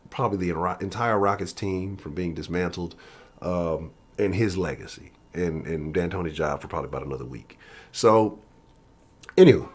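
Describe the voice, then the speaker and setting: A man's voice: sits low, a little mellow, husky. A man hosting his sports channel in a casual live-stream chat from his home office, profane and loose.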